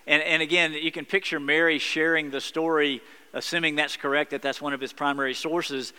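A male pastor delivers a sermon in an earnest, reflective way, building emphasis through repetition. His voice is slightly high, bright and smooth. The long reverb of a church hall carries it.

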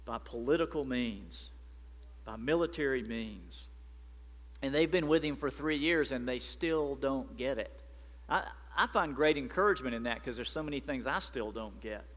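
A man preaching a sermon as pastor, animated and emphatic. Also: medium pitch, in a large hall.

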